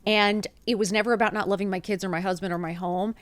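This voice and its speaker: A woman's voice: medium pitch, fairly even intonation, fast talker. A woman in her fifties, a podcast guest, telling a personal story with emotion, swearing freely and acting out the dialogue. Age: 50s. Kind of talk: candid storytelling interview.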